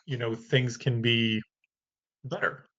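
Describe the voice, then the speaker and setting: Speaking slowly in a mid-range, somewhat bright voice with fairly even intonation, a male podcast host drifts through casual conversation in a thoughtful, rambling way, with light laughs. Audio quality is lo-fi and a bit dull.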